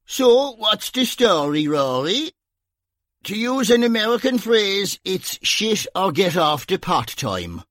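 A man plays a sardonic Dublin police officer with an Irish accent, teasing and deadpan. The voice sits high and swings widely in pitch, unhurried, in a dry, close sound. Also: dry recording, heavily acted.

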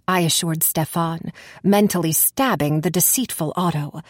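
A woman reading a story aloud in a steady, even storytelling manner, close to the mic. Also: deep voice, normal speed, no echo. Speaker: audiobook reader. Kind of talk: scripted narration.

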